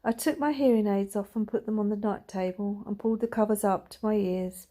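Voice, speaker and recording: A woman reading a novel aloud in a gentle, quiet storytelling manner. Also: medium pitch, steady tone, fairly quick. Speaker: reader.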